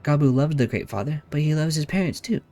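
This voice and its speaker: Man voicing a timid kobold child, high-pitched, pleading, repeats words, faint music behind. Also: fast talker, dark tone, lightly acted. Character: small frightened kobold boy, pleading.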